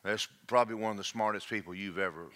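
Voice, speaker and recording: A man's voice: fairly low pitch, fast talker. A man preaching a sermon to a congregation, joking and checking in with the room. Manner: animated, jokey, checks in with the congregation.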